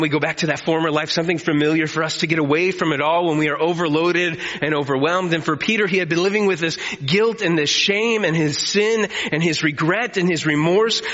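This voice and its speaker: A man preaching a sermon as pastor, animated, acting out pleading quotes. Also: fairly high pitch. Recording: muffled sound in a reverberant hall.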